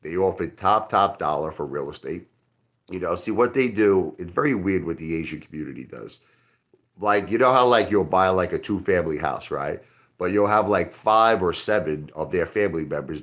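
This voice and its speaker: Low-voiced man rambling on a livestream. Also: expressive, moderate pace, a bit bright. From Brooklyn, New York. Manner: rambling, talks straight to chat. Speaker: livestream host. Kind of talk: casual livestream chat.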